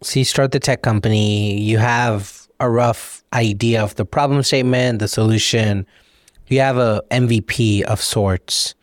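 A man hosting a podcast, asking plain, measured questions. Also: mid-range voice, fairly even intonation, dry recording, clean studio sound. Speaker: podcast host. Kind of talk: interview questions.

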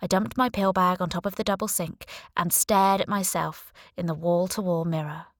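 A woman's voice: on the low side, steady tone, moderate pace, no room sound, studio quality. A woman reading a first-person audiobook in a wry, conversational storytelling manner. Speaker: audiobook narrator.

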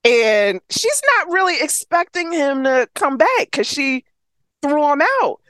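Woman co-host, high bright voice, giggly and gushing, dry close recording. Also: big pitch swings, no echo. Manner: giggly, gushing, halting restarts. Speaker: podcast co-host. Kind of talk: casual book chat.

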